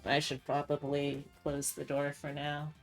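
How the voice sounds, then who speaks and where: A woman streamer talks casually to her chat, rambling and indecisive. Her voice sits low and her pace is unhurried. Soft music plays faintly behind her. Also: monotone. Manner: rambling, indecisive, self-mocking.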